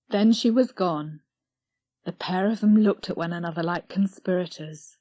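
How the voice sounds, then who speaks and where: A woman narrating a children's storybook audiobook in a gentle, expressive reading. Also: fairly low pitch, normal speed, dry recording.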